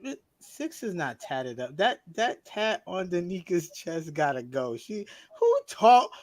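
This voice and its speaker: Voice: medium pitch, sing-song, a little slow, a little mellow, no room sound. A caller on a live stream giving blunt, opinionated remarks and swearing casually.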